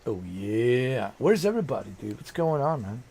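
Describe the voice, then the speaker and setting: A man's voice: mid-range voice, sing-song, normal speed, a little mellow, husky. A man chatting casually on a live game stream, rambling and repeating himself, with casual swearing.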